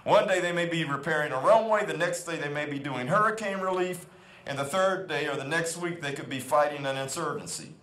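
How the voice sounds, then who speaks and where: A man's voice: a little high, expressive, a little fast, a bit bright. A middle-aged man giving an emphatic motivational speech at an outdoor school ceremony, repeating his key phrases. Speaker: guest convocation speaker. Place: outdoor quad. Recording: echoey outdoor PA sound.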